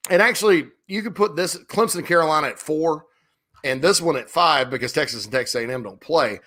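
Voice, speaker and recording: A middle-aged man chats casually as a sports talk host. His voice sits a bit high and bright, with a forceful edge. He tells stories in an animated, rambling way and restarts his sentences often. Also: fairly quick.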